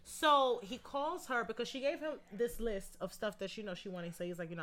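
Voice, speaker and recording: Animated, profane woman telling a story. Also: brisk, few pauses. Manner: animated storyteller, quotes others in lowered voice; profane, slangy. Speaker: podcast co-host. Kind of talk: casual chat.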